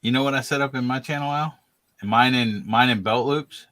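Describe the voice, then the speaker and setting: A man's voice: medium pitch, brisk, sharp tone, dry recording. A man co-hosting a casual live stream chat, teasing his friends and laughing often.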